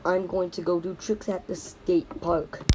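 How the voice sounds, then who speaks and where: Low, flat-voiced female toy narrator. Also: measured pace, very noisy. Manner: repetitive, sing-song toy voices. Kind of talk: playful toy stop-motion narration.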